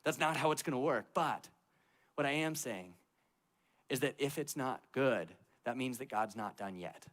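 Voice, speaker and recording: A young man preaching to a church youth group, telling his story in a casual, conversational way full of "like" fillers and moving between loud and hushed delivery. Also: mid-range voice, expressive, moderate pace. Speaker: youth pastor.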